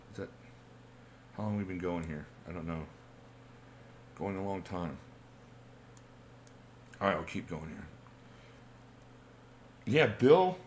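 A man's voice: fairly low pitch, slight background noise. A man in his forties hosting a casual livestream Q&A, chatty, reading viewer questions aloud and chuckling often. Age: 40s. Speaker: channel host.

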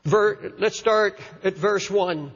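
A man's voice: sits high, slow pace, vocal fry, a bit bright, breathy edge. An older man preaching an impassioned sermon, often repeating words as he presses his point. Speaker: pastor. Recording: lo-fi sermon recording in a hall.

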